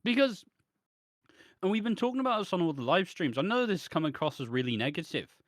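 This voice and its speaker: A man's voice: sits high, big pitch swings, fast, no echo, studio quality. A man with a British accent, co-hosting a podcast in casual chat, sarcastic and full of swearing and mocking impressions. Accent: British English. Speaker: podcast co-host.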